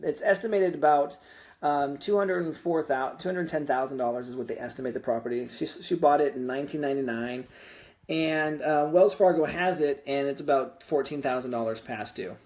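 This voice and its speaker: A man's voice: fairly high pitch, a little fast, a little mellow. A young man chatting casually in a vlog about his real estate investing, rambling with lots of fillers and restarts. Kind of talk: casual screen-recorded vlog.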